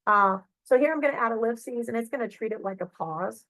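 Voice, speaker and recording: A middle-aged woman librarian walks through software on a shared screen, chatty and full of fillers and check-ins. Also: on the high side, fairly quick, dry recording, low-quality recording. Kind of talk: screen-share tutorial walkthrough.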